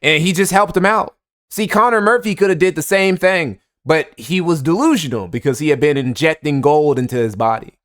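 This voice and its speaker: A man's voice: a little high, brisk, fairly bright tone, no room sound, studio quality. A man commenting on a clip during a live stream, talking to his audience in sarcastic, teasing asides.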